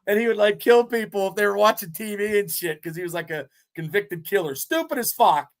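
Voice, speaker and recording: A man's voice: sits high, a little fast. Profane, rambling man in his fifties. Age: 50s. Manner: profane, rambling, animated storytelling. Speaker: podcast co-host. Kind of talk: casual chat.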